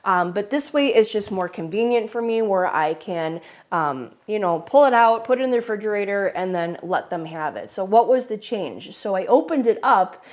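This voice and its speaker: Woman, host, casual storytelling, chatty, mid pitch. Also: normal speed, hardly any pauses. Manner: chatty, animated, restarts mid-sentence.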